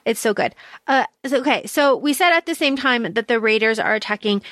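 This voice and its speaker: A woman's voice: on the high side, a little fast, fairly bright tone, dry recording. A woman co-hosting a podcast, chatting casually about a book, swearing freely and using lots of fillers. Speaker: podcast co-host.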